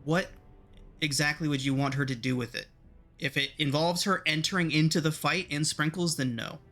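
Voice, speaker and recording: A man narrating as game master of a tabletop role-playing game, describing scenes in a measured way. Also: fairly high pitch, fairly even intonation, a bit bright.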